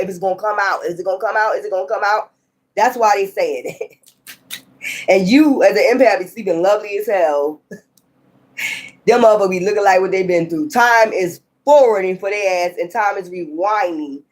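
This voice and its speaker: Woman tarot reader, casual and unscripted; blunt, profane, scolding tone. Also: mid-range voice.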